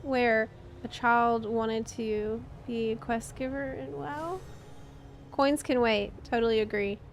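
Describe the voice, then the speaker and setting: A woman's voice: on the high side, takes it slowly. A woman streaming a video game, chatting casually and reacting expressively. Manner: chatty, expressive, easily moved. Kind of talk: casual live-stream chat while playing.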